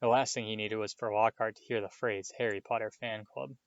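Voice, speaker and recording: A man reading a novel aloud in a steady storytelling manner, with small slips. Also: fairly low pitch, brisk, no echo. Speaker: audiobook reader. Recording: dull, dry lo-fi home recording.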